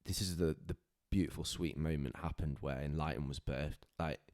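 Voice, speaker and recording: A man's voice: very deep voice, fairly even intonation, a little fast, darkish tone. A man, a podcast guest telling a personal story in an earnest, heartfelt way, often stopping and restarting his sentences.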